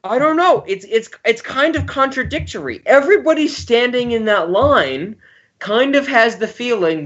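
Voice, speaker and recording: A man's voice: very high-pitched, expressive, moderate pace, fairly bright tone, slightly rough, highs cut off. A man co-hosting a podcast, making emphatic, opinionated points in casual banter. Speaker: podcast co-host.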